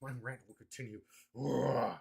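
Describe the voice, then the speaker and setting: A man hosting a casual card-game livestream, excitable and prone to loud mock rants. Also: mid-range voice, moderate pace, gravelly. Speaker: livestream host.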